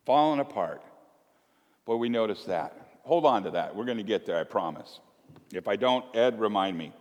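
A pastor with a fairly low, slightly mellow voice preaches animatedly at normal speed, the audio sounding dull. Long sanctuary reverb surrounds his homely, self-deprecating stories, which he keeps restarting in a chatty way.

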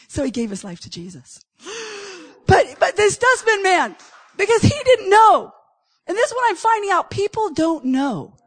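Middle-aged woman preacher, high voice, animated storyteller who acts out dialogue. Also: measured pace. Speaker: guest speaker, preacher. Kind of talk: sermon with personal stories.

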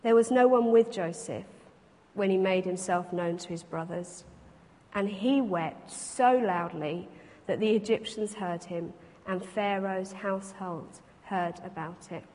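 Warm and measured, this woman's medium-pitched voice carries a reflective sermon in which she reads scripture aloud to a congregation before expounding on it. The recording has a long hall reverb.

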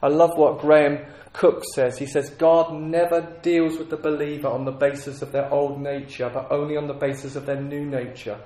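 A man's voice: a little high, little pitch movement, normal speed, few pauses, mellow. Man preaching in an echoey room. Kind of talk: sermon.

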